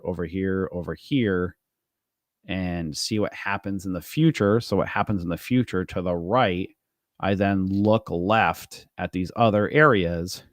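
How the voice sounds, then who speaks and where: A man's voice: fairly low pitch, no room sound, studio quality. A man hosting a live day trading stream, explaining his charts casually with loose, rambling asides and fillers to his viewers.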